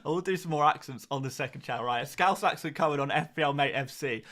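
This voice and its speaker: A man's voice: a little high, fairly bright tone. Chatty man on a live stream. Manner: chatty, self-mocking, quick asides to chat. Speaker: fantasy football streamer. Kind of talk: casual live stream chat. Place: home room.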